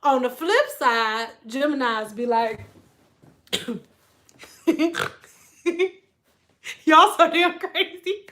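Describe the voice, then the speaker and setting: A woman vlogging in a high, bright voice, talking straight to her viewers. She tells her stories animatedly, swears without a second thought and keeps jumping into other people's voices. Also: very slow, long pauses. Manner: animated storyteller, swears freely, acts out quotes. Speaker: beauty vlogger, former hairstylist. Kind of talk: casual chat to viewers.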